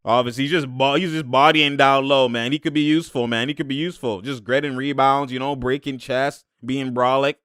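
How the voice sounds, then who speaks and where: A young man giving casual reaction commentary on basketball footage, excitable and slangy, laughing often and slipping into high mimicking voices. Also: a little fast, smooth, no echo, studio quality.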